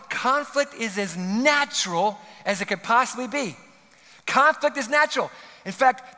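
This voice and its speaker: A man's voice: extremely high pitch, bright, forceful tone. A male pastor preaching a sermon, earnest and pleading, pressing his points with rising emphasis. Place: large church hall. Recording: long hall reverb.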